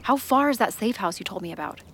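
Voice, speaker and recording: A woman's voice: mid-range voice, expressive, fast, fairly bright tone, a little hiss or hum, close to an everyday voice. An actress playing a smug, teasing young woman who talks playfully.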